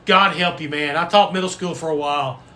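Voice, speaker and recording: A man's voice: fairly high pitch, fairly even intonation, a little fast, pushed and bright. A man hosting a casual livestream, folksy and rambling, with the odd cuss word. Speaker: livestream host and football coach.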